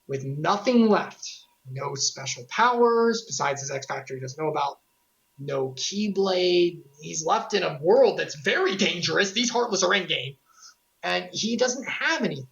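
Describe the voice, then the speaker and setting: A woman recapping game lore on a casual stream, animated and joking, with sarcastic asides. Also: sits low, unhurried, creaky, muffled recording.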